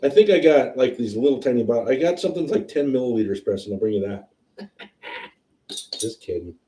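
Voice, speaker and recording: A man hosting a whiskey tasting livestream, chatting casually and excitedly as he tastes. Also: mid-range voice, brisk, recorded from a distance. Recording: roomy sound, a bit off-mic.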